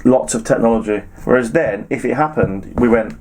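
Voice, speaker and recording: A man's voice: mid-range voice, moderate pace, darkish tone, a little hiss or hum. A man co-hosting a casual chat show, bantering eagerly and reminiscing about old films. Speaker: co-host.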